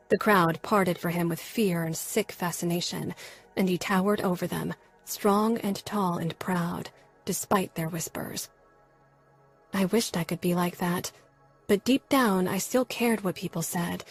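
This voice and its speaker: A woman narrating an audiobook in the first person with a soft, measured storytelling manner. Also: on the low side, breathy edge.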